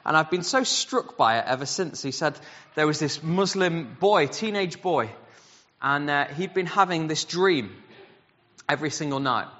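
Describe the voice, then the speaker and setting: A man preaching a sermon, telling a story in an animated way and acting out the voices he quotes. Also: fairly high pitch, moderate pace. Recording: dull sound with long hall reverb.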